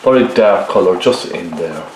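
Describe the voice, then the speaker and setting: A man giving a relaxed painting tutorial, talking viewers through each step and often checking in with them as he works. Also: low voice, moderate pace, slight background noise. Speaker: painting teacher. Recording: very echoey room.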